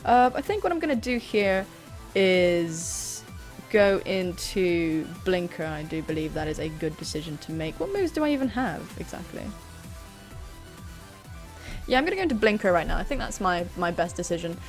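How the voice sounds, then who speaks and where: A woman's voice: on the low side, moderate pace, soft background music. A woman hosting a gaming channel, chatting through a live battle in a self-deprecating way. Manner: chatty, self-deprecating, sudden excited screams.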